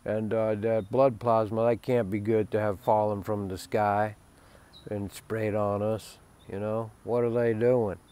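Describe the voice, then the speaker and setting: A man's voice: on the low side, flat delivery, unhurried, dark tone, smooth, voice pushed down, natural voice. A man voicing a worried ordinary person in an exaggerated put-on accent, speaking plainly and fretfully.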